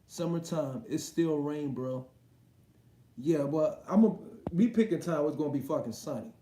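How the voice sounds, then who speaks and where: A man's voice: fairly high pitch, normal speed, dark tone, echoey room, a little hiss or hum. A man hosting a boxing livestream, reading viewer comments aloud and reacting in loose, slangy, profane casual chat.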